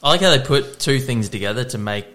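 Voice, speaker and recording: An Australian man co-hosting a podcast, telling relaxed stories about his toddler and laughing along. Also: mid-range voice, quick pace, very noisy. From Queensland, Australia. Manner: laid-back, laughs through stories. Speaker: podcast co-host. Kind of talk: casual chat, storytelling.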